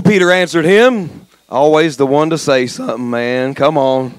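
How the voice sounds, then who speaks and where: A male pastor preaching a sermon, jumping from folksy jokes to shouted exhortation. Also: a little high, lively intonation, moderate pace, few pauses, no echo. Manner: passionate, swings from quiet asides to shouted exhortation; folksy, joking asides. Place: church sanctuary.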